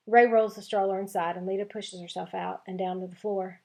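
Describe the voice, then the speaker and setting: Woman teacher, read-aloud of a middle-grade novel, gravelly, expressive. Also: medium pitch, brisk. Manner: expressive, lively voicing of dialogue. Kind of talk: reading a chapter book aloud.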